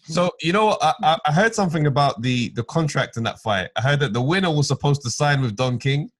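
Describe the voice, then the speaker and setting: A male podcast co-host asking measured questions, with some hesitation. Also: on the high side, lively intonation. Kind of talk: casual interview.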